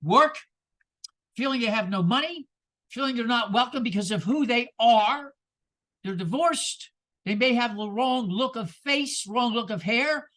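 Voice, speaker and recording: A man preaching a sermon as minister, animated and rhetorical, with sarcastic asides. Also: very high-pitched, measured pace.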